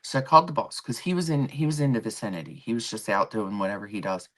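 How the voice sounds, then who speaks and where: A woman hosting a livestream, chatting casually and telling an animated story from work, acting out the people in it. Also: rumbling low, fast. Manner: animated storytelling with quoted voices; rambling with restarts and asides to chat. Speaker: livestream host. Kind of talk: casual chat. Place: home.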